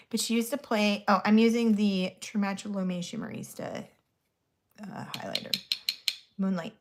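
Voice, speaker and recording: A woman's voice: medium pitch, slight background noise. Thirties mom chatting while she does her makeup, blunt, swears a lot, talks straight into the camera. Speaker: vlogger. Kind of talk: casual chat while doing makeup.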